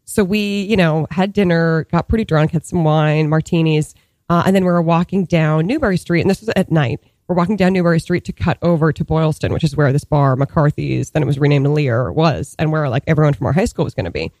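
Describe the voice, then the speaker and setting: A woman in her thirties telling a story in casual chat, animated, packed with fillers, laughing often. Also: sits low, a little fast, no echo.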